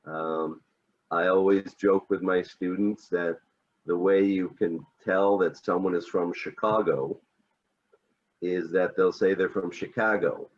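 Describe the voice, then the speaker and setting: An American man, an English teacher, explaining pronunciation in a relaxed, casual chat with many fillers. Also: low-pitched, slow pace, muffled recording.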